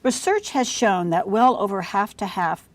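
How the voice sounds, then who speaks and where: A woman giving scripted instructional narration for healthcare staff, measured, clear and carefully paced. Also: mid-range voice, animated, no room sound.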